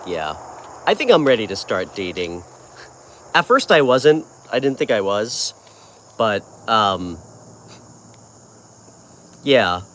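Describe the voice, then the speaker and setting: A New York man with a lowish, fairly bright voice hosts a casual live tarot stream. He chats in a friendly way while responding to viewers' comments, and there's slight background noise.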